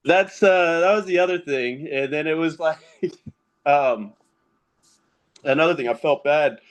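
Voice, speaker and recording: Unhurried and a little high-pitched, a thirtysomething man chats as a podcast guest, spinning easygoing tales of parenting and video games. Laughter punctuates much of what he says.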